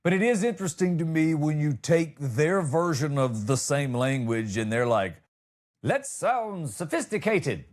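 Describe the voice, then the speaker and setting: An American man talks through a comedy podcast monologue, his voice sitting a bit higher than most men's. He wanders from story to story in a loose, rambling way and keeps dropping jokey asides. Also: moderate pace, few pauses, a little mellow. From United States.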